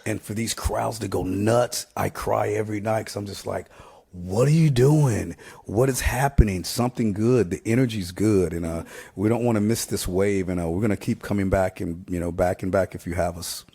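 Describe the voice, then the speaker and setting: A man in his fifties, a band singer, chatting casually in an interview, relaxed, halting with fillers and often laughing. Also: lowish voice, creaky, slightly rough. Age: 50s.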